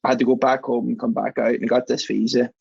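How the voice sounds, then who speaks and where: A man's voice: medium pitch, flat delivery, quick pace, creaky, darkish tone, husky, no room sound. A young man with a Northern Irish accent, a podcast guest telling rambling anecdotes in a casual chat. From Belfast, Northern Ireland. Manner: chatty, rambling anecdotes with frequent laughs. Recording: dull, dry podcast recording.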